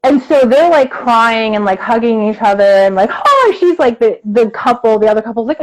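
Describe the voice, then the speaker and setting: Casual storyteller, woman, slightly high voice, animated, does little character voices. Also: moderate pace, low-quality recording. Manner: animated, acts out the people in her story, many fillers. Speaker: co-host.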